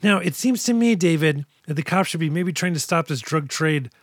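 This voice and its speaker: A man's voice: on the high side, lively intonation, normal speed, dry recording, clean studio sound. A man co-hosting a podcast, recapping a movie with wry sarcasm and casual swearing. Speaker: podcast co-host. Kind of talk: casual movie-review chat.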